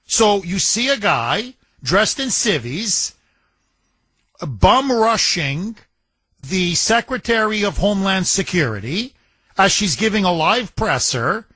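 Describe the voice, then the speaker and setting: A man's voice: sits high, slow, slightly rough, dry recording. A man hosting a political talk radio show, talking emphatically, repeating phrases and retelling events. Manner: emphatic, repetitive, animated retelling with quoted voices.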